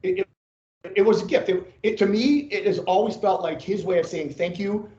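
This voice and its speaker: A middle-aged man tells sports stories with excitable energy, repeating himself for emphasis and swearing freely. His voice sits a little high. It comes through dull and roomy, like remote call audio. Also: brisk. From Ohio. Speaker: guest, sportscaster. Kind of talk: animated storytelling.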